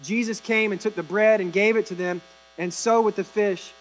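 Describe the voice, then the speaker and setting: Man, high voice, sermon, conversational storytelling, casual asides. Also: fairly even intonation, normal speed, low-quality recording. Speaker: pastor.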